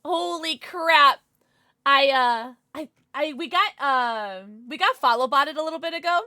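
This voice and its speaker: A woman streaming a game live, chatting with her viewers in a bubbly, excitable way, sometimes mumbling, sometimes shouting. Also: high-pitched, normal speed, no echo, studio quality. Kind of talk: live gaming stream chat.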